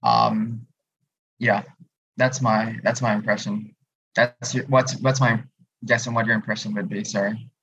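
A man, a student in a casual podcast discussion, thoughtful and pausing often with "um". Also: fairly low pitch, flat delivery, vocal fry, fairly bright tone, breathy edge, dull audio. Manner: thoughtful, many "um" pauses.

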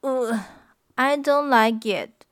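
A woman's voice: high-pitched, slow pace, fairly bright tone, clear, resonant tone, no room sound, studio quality. A woman voicing a fussy little girl in a storybook reading, complaining in a whiny tone.

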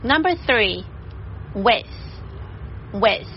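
A woman reading a children's story aloud and pronouncing vocabulary words with slow, careful enunciation. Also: medium pitch, animated, gravelly, muffled recording, slight background noise. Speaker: story narrator and vocabulary teacher.

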